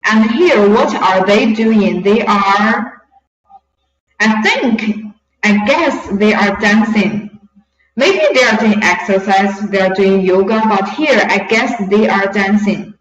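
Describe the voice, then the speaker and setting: With a medium-pitched voice, a Mandarin-native woman who teaches Chinese walks through a language lesson patiently and slowly, alternating English with Mandarin. It's a dull, echoey, distant lo-fi room recording.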